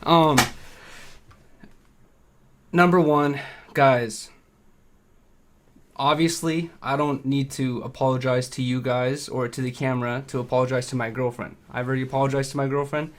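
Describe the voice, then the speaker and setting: A man on a livestream giving a nervous, halting apology, rambling and full of fillers. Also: mid-range voice, flat delivery. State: nervous, shaky. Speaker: streamer.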